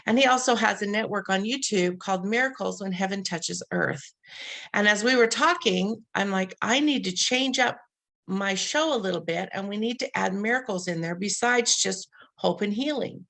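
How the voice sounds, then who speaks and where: A woman's voice: medium pitch, normal speed, gravelly, fairly bright tone. A middle-aged woman from the western United States hosting a webinar, telling a personal story in an earnest, heartfelt way with many restarts. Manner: earnest, heartfelt, with frequent restarts and quoted dialogue. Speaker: webinar host.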